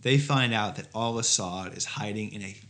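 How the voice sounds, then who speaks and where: A man's voice: on the low side, moderate pace, fairly bright tone. A man co-hosting a comedy podcast, riffing sarcastically with mock outrage and swearing. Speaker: podcast co-host. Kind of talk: comedic casual chat.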